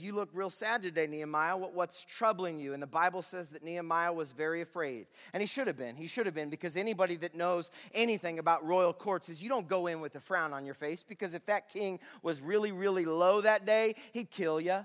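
Man, pastor preaching, high voice, emphatic repeats, long hall reverb. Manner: swings from loud exclaiming to hushed intensity. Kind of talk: sermon.

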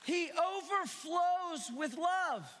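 A male pastor preaching a sermon, swinging between quiet asides and shouted emphasis. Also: very high-pitched, animated, drawn-out words, in a large hall, some chatter behind.

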